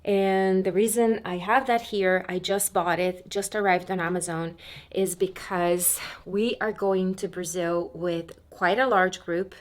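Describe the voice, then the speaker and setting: A woman's voice: on the low side, fairly even intonation, a little slow. Woman vlogger, chatty and rambling, casual to-camera delivery, a few fillers. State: out of breath. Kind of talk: casual vlog talk to camera.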